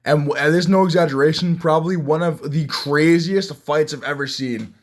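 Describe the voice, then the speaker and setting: A young man giving casual fight reaction commentary, excitable and rambling, with many restarts. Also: on the high side, moderate pace. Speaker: MMA fan reviewing fights.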